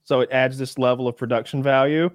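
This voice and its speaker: A mid-pitched man co-hosting a podcast rambles through relaxed casual chat. The recording is dry, with no room sound. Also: quick pace, dry recording. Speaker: podcast co-host.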